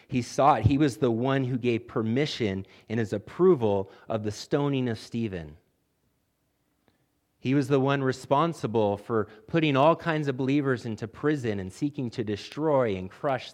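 A man preaching a sermon as pastor, building emphasis with repeated phrases and addressing the congregation directly. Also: medium pitch.

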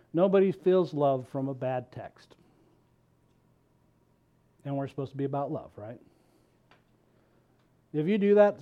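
A man's voice: fairly high pitch, lo-fi sound. A male pastor preaching a sermon in a conversational, joking way, laughing at himself now and then.

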